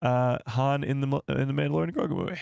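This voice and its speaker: A man hosting a casual live stream and chatting with viewers, with a hoarse voice that is almost gone. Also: medium pitch, fast talker, no room sound. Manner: laughing fits, excitable, chatty with viewers. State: losing his voice. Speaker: YouTube livestream host. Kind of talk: casual livestream chat.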